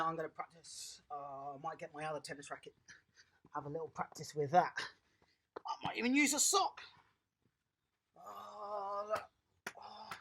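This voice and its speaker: Upbeat kids' tennis coach, gravelly. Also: mid-range voice, fairly bright tone. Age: adult. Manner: upbeat and encouraging, praising children by name. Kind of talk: online kids' tennis class, talking to children at home.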